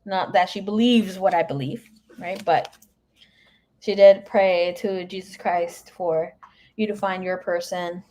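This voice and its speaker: A woman's voice: lowish voice, fairly even intonation, unhurried, a little mellow, a little hiss or hum. A woman giving a casual live tarot reading, chatting and telling stories to viewers she calls by name. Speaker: tarot reader.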